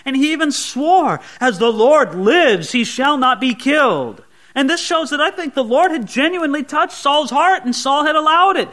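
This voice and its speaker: A man preaching a verse-by-verse sermon, dropping to quiet asides and rising to emphatic peaks, sometimes mimicking gushing prayers. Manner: swings between soft low asides and bright emphatic peaks; voices imagined sweet prayers mockingly. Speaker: pastor. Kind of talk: expository sermon.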